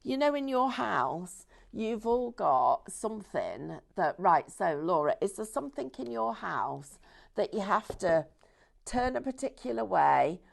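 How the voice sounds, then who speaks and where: A woman's voice: medium pitch, gravelly. A woman hosting a live shopping show from a TV studio, chatting in a rambling way and laughing often.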